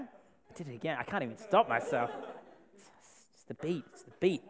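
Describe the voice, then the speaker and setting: Aussie guy giving a sermon, jokey and casual, kinda high voice, does all the characters. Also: normal speed, long pauses. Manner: animated, acts out the people in the story; casual, joking. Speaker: preacher.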